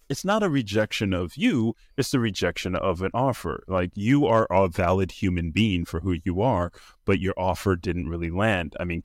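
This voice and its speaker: A man co-hosting a casual discussion, talking in an animated way, often acting out quoted voices and restarting his sentences with fillers. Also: dry recording, studio quality. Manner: animated, acts out quoted voices in a higher pitch; conversational with frequent fillers and restarts. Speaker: podcast co-host.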